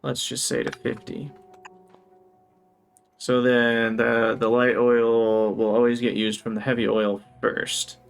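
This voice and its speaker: Male live streamer with some vocal fry, mid-pitched, talks through his plans and greets chat cheerfully. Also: monotone, slow, faint music behind. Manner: thinks aloud while planning, brightens to greet chat. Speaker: game streamer. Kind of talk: live gameplay commentary.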